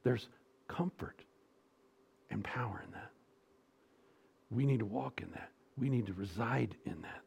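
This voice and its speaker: A middle-aged male pastor delivering a sermon, moving between hushed, almost whispered reassurance and loud, emphatic exhortation. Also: fairly low pitch, unhurried, vocal fry, long pauses, slightly rough.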